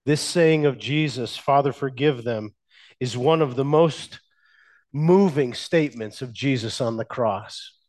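Slow, measured male pastor preaching. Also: mid-range voice, darkish tone. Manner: addresses the congregation with questions. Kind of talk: sermon.

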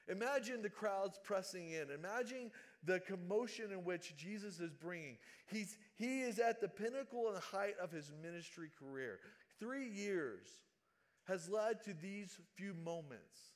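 A man preaching a sermon, swinging between loud dramatic calls and quiet, hushed asides. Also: high voice, expressive, unhurried.

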